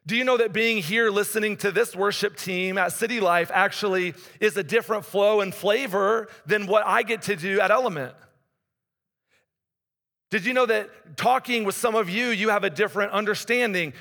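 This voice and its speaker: A man with a high, bright voice preaches conversationally, building up and then dropping to a hush. His voice carries a long reverb through a church hall. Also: vocal fry. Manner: conversational preaching, rises and drops in intensity. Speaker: pastor. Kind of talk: sermon.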